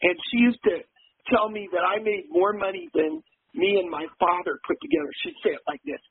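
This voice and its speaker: A man's voice: high-pitched, animated, a little fast, a little hiss or hum. A middle-aged man from California calling in and telling long rambling stories in casual chat. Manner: rambling storyteller. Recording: tinny phone line.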